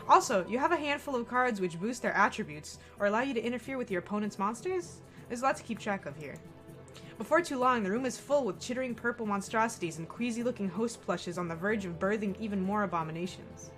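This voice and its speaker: A woman reading a visual novel's second-person narration aloud in an expressive, playful way. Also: a little high.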